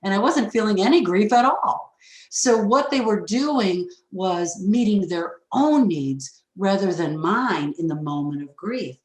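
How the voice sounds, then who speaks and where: A woman guest tells a personal story with frank, animated delivery in a mid-range voice. Her voice rings with a roomy echo. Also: mid-range voice, measured pace. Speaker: forgiveness expert guest. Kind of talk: storytelling in a podcast interview.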